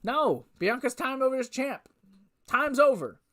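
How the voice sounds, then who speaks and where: Slow-talking woman venting in a casual review. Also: high-pitched, big pitch swings, a bit bright. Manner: exasperated ranting with frequent swearing; repetitive restarts and rhetorical questions. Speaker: wrestling show reviewer.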